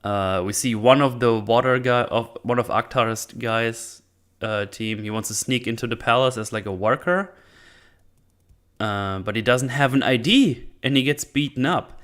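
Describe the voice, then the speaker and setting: Smooth-voiced man rambling through a movie recap. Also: mid-range voice, moderate pace, a bit bright. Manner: rambling, profane, with frequent restarts. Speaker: movie review channel host.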